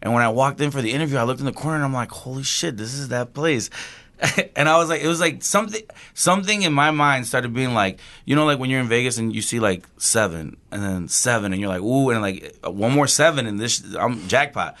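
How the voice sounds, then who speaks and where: A man, a chef, telling a story casually on a podcast, animated and swearing, acting out quotes with laughs. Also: mid-range voice, fast talker. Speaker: chef guest.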